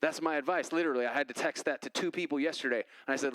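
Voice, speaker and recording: Male pastor, slightly higher voice, dry close sound, chatty animated sermon delivery. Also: racing, hardly any pauses, no room sound, poor audio. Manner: conversational, animated storytelling with quoted voices. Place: church.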